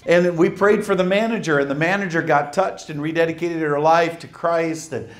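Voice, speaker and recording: Scripture reading and an energetic testimony make up this man's sermon, which he delivers in a slightly high voice with quick bursts of laughter and emphatic asides.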